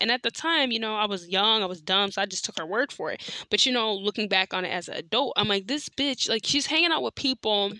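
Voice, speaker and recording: Bright-voiced young woman ranting casually. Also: mid-range voice, quick pace, no room sound. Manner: profane, heated, lots of "like" fillers. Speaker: podcast host. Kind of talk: casual storytelling rant.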